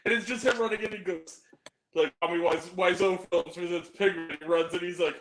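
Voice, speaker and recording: A man in a casual live chat, animated and laughing often as he retells comedy skits. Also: high-pitched, normal speed, echoey room.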